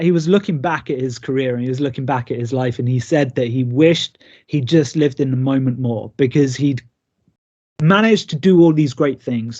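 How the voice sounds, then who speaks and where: A man in his thirties, a wrestler by trade, tells stories from the ring and slips into the voices of the people he quotes. His voice sits a touch high for a man. The sound is dull and lo-fi, like a call recording. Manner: lively, acts out quoted lines. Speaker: pro wrestler, guest. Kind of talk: remote interview storytelling.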